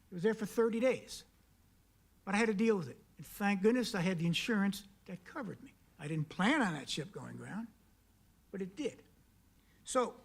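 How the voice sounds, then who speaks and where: High-voiced man giving emphatic public comment. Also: gravelly, husky. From South Carolina. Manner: emphatic, questioning, repeats key words. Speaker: public commenter at a county council meeting. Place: council chamber.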